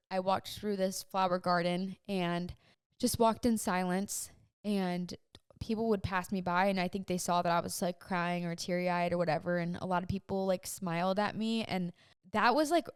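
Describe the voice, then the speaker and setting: A woman's voice: medium pitch, smooth, no echo, studio quality. A young adult woman hosting a podcast, telling a personal story in an earnest, emotional, chatty way full of "like.". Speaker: podcast host.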